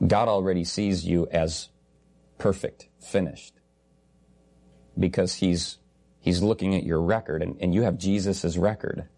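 A man's voice: sits low, fairly even intonation, unhurried, long pauses, mellow. A man preaching a sermon earnestly and emphatically, repeating key phrases and slipping in humorous asides.

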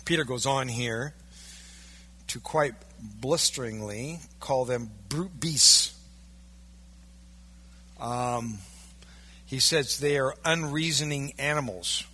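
A male pastor preaching a sermon, emphatic, swinging from loud, stressed peaks down to low, quiet lines. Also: takes it slowly, pauses often, slightly rough.

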